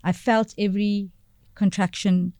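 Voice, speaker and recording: A woman, a podcast guest telling a personal story in a halting way, searching for words and repeating phrases. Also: medium pitch, little pitch movement, dark tone, dry recording, clean studio sound.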